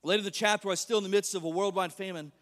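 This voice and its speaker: A man preaching an animated sermon as pastor, joking and asking the congregation questions. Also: high-pitched, rapid-fire. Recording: long reverb of a large hall.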